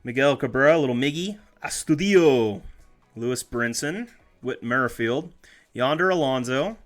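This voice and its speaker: He has a mid-range voice with lively intonation and a moderate pace, and soft music plays underneath. As a streamer tearing into trading card packs, he chats loosely, reads out names, jokes around, and corrects himself along the way.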